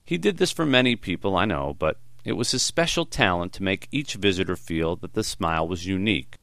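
Lively low-voiced male memoir narrator. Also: creaky, no room sound. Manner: reflective, measured storytelling. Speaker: audiobook narrator. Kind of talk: first-person memoir narration.

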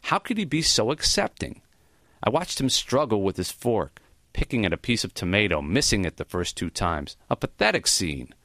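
A man narrating a memoir in the first person, reflective and measured. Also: fairly low pitch, sing-song, fairly bright tone, no echo, studio quality. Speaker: audiobook narrator.

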